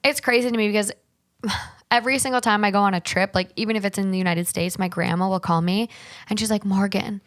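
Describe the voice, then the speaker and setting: A woman's voice: mid-range voice, fairly even intonation, fast, a bit bright. A young woman from Minnesota hosting a podcast, chatting casually, laughing often and reading stories aloud. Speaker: podcast host.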